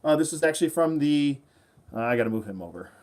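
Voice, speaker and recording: A man with a fairly high, slightly mellow voice hosts a casual toy-collecting vlog, talking quickly with lively intonation. He rambles and chuckles while showing off his figures, poking fun at himself in this show-and-tell.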